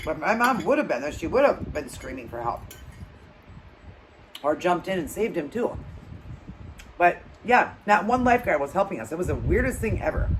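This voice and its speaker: A woman hosting her own channel, telling a story in a loose, chatty way, getting louder and higher at tense moments and dropping to low murmurs between them. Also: slight background noise, low-quality recording. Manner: animated retelling with acted quotes, trailing off into low murmurs. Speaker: channel host. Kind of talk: casual storytelling while eating.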